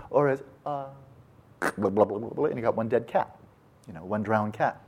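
A male meditation teacher giving a dharma talk at a retreat, telling a parable in a folksy, animated way with casual asides. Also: medium pitch, slightly rough.

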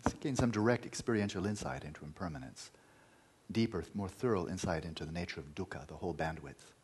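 A man's voice: deep voice, fast talker, a little mellow, breathy edge. A man teaching meditation in a dharma talk, emphatic, repeating key words and at times dropping to a near-whisper.

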